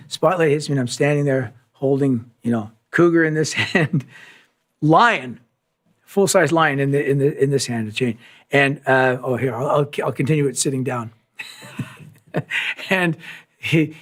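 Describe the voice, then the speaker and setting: A man telling a long anecdote at a live session, acting out quoted lines and sound effects as he goes. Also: medium pitch. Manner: animated storyteller, acts out quotes and sounds. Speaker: musician telling a story.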